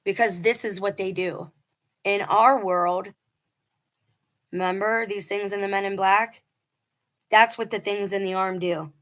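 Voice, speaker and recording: A woman's voice: mid-range voice, fairly even intonation, unhurried, long pauses, fairly bright tone. A middle-aged woman telling a personal story in a casual, earnest and emphatic way, acting out quoted dialogue. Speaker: vlogger telling a personal testimony.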